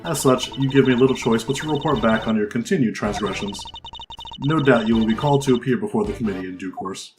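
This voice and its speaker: A man's voice: medium pitch, fast talker, close to an everyday voice. A cold, officious older judge who speaks in formal, clipped phrases, read by a man. He sounds disapproving and stern throughout. Game music runs underneath.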